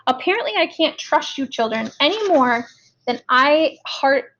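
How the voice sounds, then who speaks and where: A woman's voice: high voice, expressive, unhurried, a bit bright, dull audio, a little hiss or hum. A woman voicing a stern, hot-tempered middle-aged male prison warden who lectures and scolds.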